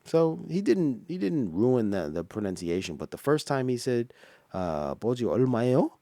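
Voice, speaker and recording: A man giving an explaining commentary on a clip, slow and patient, with many fillers and restarts. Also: mid-range voice, very animated, warm tone, no echo. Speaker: reaction vlogger.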